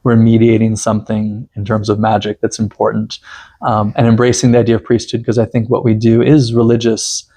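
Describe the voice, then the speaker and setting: A man's voice: on the low side, completely flat delivery, a little fast, mellow. A man speaking as a guest in a casual interview conversation, chatty and full of fillers like "you know". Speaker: guest priest and teacher.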